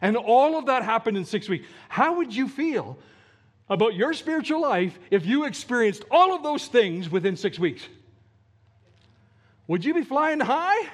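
A middle-aged man preaching, his voice pitched high and swinging widely from line to line. He throws rhetorical questions at the congregation and leans into emphatic, animated phrasing. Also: measured pace. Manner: animated, rhetorical questions, mock-whiny quoting. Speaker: pastor. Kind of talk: sermon.

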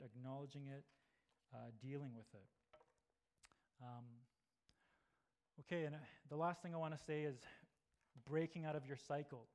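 A middle-aged man delivers a sermon in a relaxed, conversational manner. His voice sits a little higher than most men's. He often checks in with "right?" and plays out little inner voices as examples. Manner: conversational, frequent "right?" tag questions, acts out inner voices. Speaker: pastor.

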